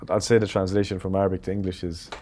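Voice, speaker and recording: A film director from the United Arab Emirates, in his thirties, races through anecdotes at a very fast pace in a low-pitched voice during a casual interview. He is animated and quotes others while acting out their words. A little hiss or hum can be heard.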